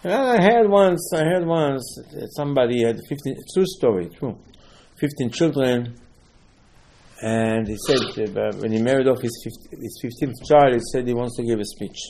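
A man's voice: medium pitch, normal speed, a little mellow. A man giving a Torah lesson, asking rhetorical questions and mixing Hebrew terms into his English. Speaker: rabbi teaching a Torah class.

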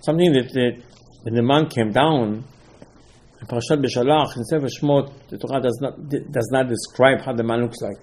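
A man teaching an animated Torah class, mixing Hebrew terms into his English and pressing rhetorical questions. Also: mid-range voice, normal speed. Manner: repeats rhetorical questions, emphatic.

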